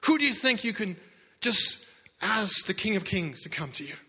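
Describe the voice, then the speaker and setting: A man's voice: high voice, big pitch swings, normal speed, pushed and bright, breathy edge, exaggerated voice. A man voicing harsh crowd voices scolding a beggar. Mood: scornful. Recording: reverberant hall.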